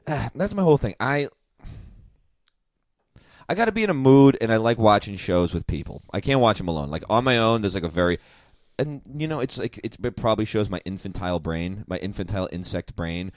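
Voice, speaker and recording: A man's voice: on the low side, expressive, brisk, no room sound, clean studio sound. A man hosting a casual chat, rambling and self-mocking as he talks. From New York. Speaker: podcast host.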